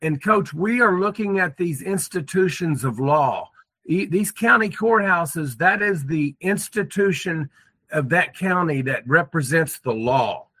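A man's voice: a little high, animated, measured pace, sharp tone, no echo. A man talking earnestly as a guest on a talk show, often repeating words. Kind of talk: casual chat.

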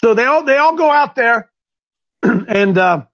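A high-pitched man leads a group Bible discussion with animated energy, now and then breaking into strained, crying voices as he acts out characters. The recording sounds dull and lo-fi. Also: unhurried. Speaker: Bible study leader, called coach.

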